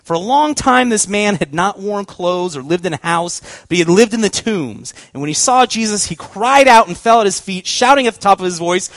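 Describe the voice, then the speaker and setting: A man giving a storytelling sermon as a youth pastor, animated and acting out voices, laughing often. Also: sits high, fairly quick, few pauses, no room sound.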